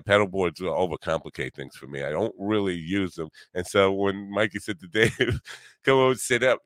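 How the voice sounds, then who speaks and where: A man's voice: low-pitched, no room sound. A middle-aged man hosting a podcast, rambling bluntly with lots of swearing and filler words. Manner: blunt, profane, self-deprecating, many fillers. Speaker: podcast host and musician. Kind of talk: casual rambling chat.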